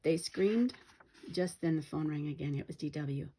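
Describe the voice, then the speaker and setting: A woman's voice: normal speed, breathy edge. A woman reading a children's picture book aloud, giving the characters different voices. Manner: lively, voices characters with pitch jumps. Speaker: storybook reader.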